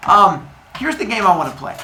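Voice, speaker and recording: A man's voice: high voice, big pitch swings, brisk, sharp tone, slight background noise, voice pushed up, full character voice. A man playing a smug scheming god. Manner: falsely cheerful, sly. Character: scheming male king god, sly and smug. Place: classroom. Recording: echoey room, distant mic.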